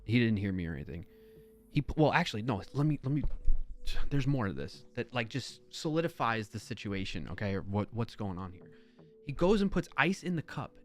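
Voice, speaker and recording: A man's voice: mid-range voice, fairly quick, soft background music. Man rambling through an incredulous anecdote. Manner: rambling, filler-heavy anecdote with self-corrections; incredulous, animated retelling. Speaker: live-stream host. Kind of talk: casual storytelling chat.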